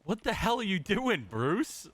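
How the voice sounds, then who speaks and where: A man's voice: sits high, sing-song, no echo. Brash swearing man in game roleplay. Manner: brash, swearing, quick to shout. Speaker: roleplay police officer.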